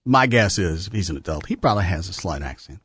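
Lively joking Texan radio host. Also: male voice, low voice, quick pace, breathy edge, dry recording, studio quality. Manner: joking, laughs often, reads emails aloud. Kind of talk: casual radio banter.

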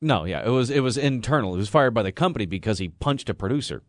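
A man's voice: medium pitch, lively intonation, quick pace, no room sound, clean studio sound. A man co-hosting a morning radio show, wry and laid-back. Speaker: radio co-host.

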